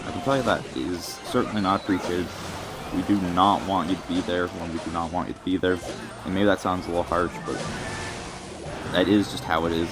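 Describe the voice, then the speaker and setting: A young Canadian vlogger with a low voice and fairly even intonation delivers a brisk, rambling comedic rant to the wind, mock-serious and packed with fillers. Music plays beneath his voice.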